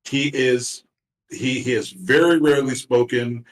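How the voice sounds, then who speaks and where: Man game master, halting and full of fillers, echoey room, off-mic. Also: medium pitch, fairly even intonation. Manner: halting, many fillers and restarts. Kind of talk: narrating a tabletop game. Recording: roomy echo, far from mic.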